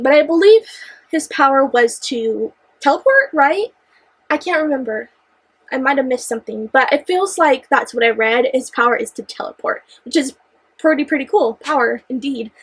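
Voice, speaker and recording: A young woman with a high voice talks through a book she loves in casual chat. She gushes and exclaims, and she trips over repeated phrases when she gets worked up. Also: rough recording. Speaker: book reviewer. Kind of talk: excited casual book discussion.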